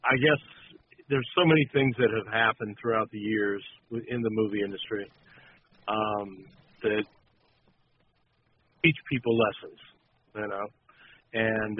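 A man, a special effects guest, talking about safety on film sets in an easygoing, rambling way. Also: mid-range voice. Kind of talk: casual interview talk. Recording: phone-like radio audio.

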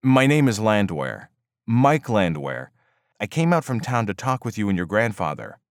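Brief: narrator as a jittery male reporter, placating and a bit higher than his narration, dry sound. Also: sing-song, moderate pace, smooth, no echo. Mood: apologetic. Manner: nervous, placating. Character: apologetic male newspaper reporter.

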